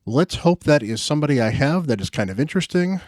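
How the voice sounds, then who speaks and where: This man hosts a gaming channel and talks fast in a fairly high, darkish, animated voice. He chats upbeat through his gacha summon pulls, full of fillers, with clean studio sound and no echo.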